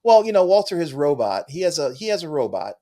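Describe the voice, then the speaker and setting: A man's voice: a little high, big pitch swings, quick pace, warm tone. A man co-hosting a comic book podcast, chatting casually and enthusiastically with frequent restarts. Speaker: podcast co-host. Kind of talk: casual chat.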